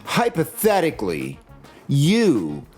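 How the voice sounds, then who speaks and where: A man narrating a scripted video essay in a sardonic, jokey way, with his pitch swinging up and down. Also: huge pitch swings, takes it slowly, darkish tone, soft background music.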